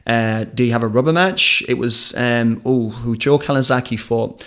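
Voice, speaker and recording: A man's voice: medium pitch, normal speed, bright, forceful tone. A man hosting a live combat sports stream, talking in a chatty, rambling way and telling anecdotes in a studio.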